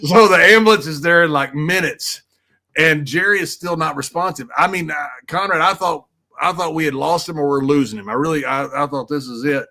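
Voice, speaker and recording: A man with a bright, forceful tone spins a loose, rambling story as a podcast guest. He circles back on himself, throws in crude jokes and keeps the telling animated. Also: a little high, brisk. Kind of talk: casual anecdotal storytelling.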